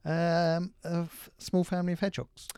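A man co-hosting a casual chat show, joking and going off on quick tangents with crude humour. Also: a little high, level tone, a little mellow, clean tone, no echo. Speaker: podcast co-host.

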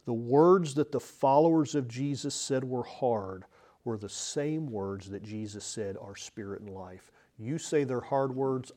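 A male pastor delivering an expository sermon from the pulpit, earnest and emphatic, moving between loud and soft. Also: mid-range voice. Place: church, speaking from the pulpit.

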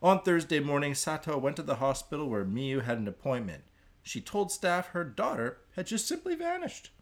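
A man co-hosting a casual podcast, reading news stories aloud and breaking off into dark jokes and asides. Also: a little high. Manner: reads headlines then riffs with dark jokes. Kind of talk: casual comedic news chat.

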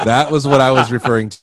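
A man co-hosting a casual podcast chat who laughs often and lets his sentences fade off quietly. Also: medium pitch, dry recording. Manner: laughs often, trails off quietly at the ends of phrases. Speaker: podcast co-host.

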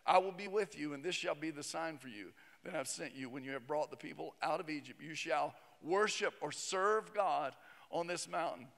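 A man voicing God as a calm, solemn presence, speaking low and hushed. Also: moderate pace, creaky, in a large hall. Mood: calm assurance.

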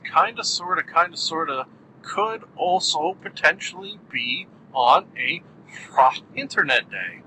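A man's voice: on the high side, sharp tone, slight background noise, low-quality recording. A man hosting his own podcast alone, talking in a playful, self-mocking way full of jokey asides. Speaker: podcast host. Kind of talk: solo podcast monologue.

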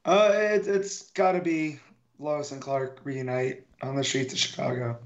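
A man's voice: medium pitch, lively intonation, a little slow, highs cut off. A man co-hosting a casual podcast chat, throwing in dry wisecracks. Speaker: podcast co-host.

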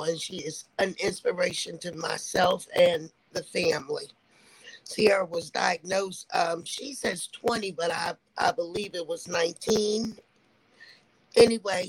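A middle-aged woman introducing herself as a mother on a panel, emphatic, with halting repetitions. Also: on the low side, slightly rough, dry recording, rough recording.

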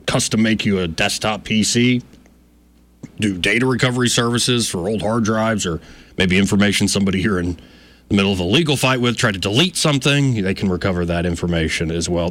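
A man's voice: sits low, a bit bright. A man hosting a radio talk show, chatting casually and reading a sponsor ad in a folksy, loose way.

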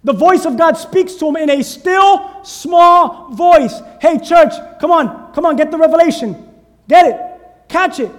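Fervent male pastor, very high-pitched, mid-sermon, booming into a church sanctuary with long reverb. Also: unhurried. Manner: fervent preaching with call-and-response urging.

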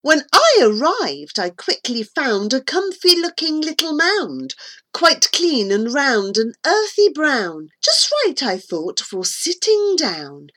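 A woman reading a rhyming storybook poem aloud with a playful, expressive delivery. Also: high-pitched, takes it slowly. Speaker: narrator.

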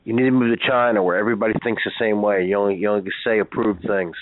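A man rants at another caller on a chat line, argumentative and tripping over his own restarts. His pitch is average for a man. The sound is dry and tinny, like a cheap phone line. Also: fairly even intonation, fast, no room sound. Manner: argumentative, ranting, stumbling restarts.

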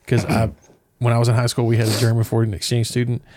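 A man's voice: medium pitch, completely flat delivery, quick pace, darkish tone, no room sound, clean studio sound. A man co-hosting a casual podcast, explaining at length with hesitant fillers. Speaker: podcast co-host.

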